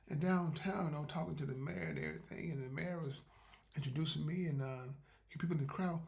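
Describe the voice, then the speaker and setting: A man's voice: a little high, lively intonation, a little fast, gravelly. An older man telling a comic tall tale as a podcast host, preacherly and exclaiming. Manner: preacherly, exclaiming, slipping into character voices.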